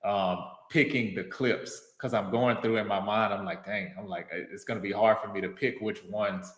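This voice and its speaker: A man hosting a podcast in casual conversation, agreeable and quick to back up his guest. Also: fairly low pitch, steady tone, fairly bright tone. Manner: agreeable, lots of short affirmations. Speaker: podcast host. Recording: echoey room with long reverb.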